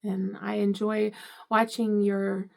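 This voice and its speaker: Slow, gravelly-voiced woman gushing over gifts. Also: medium pitch, flat delivery. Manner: gushing, emotional, tearful at times. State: teary. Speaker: vlogger. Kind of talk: casual unboxing vlog.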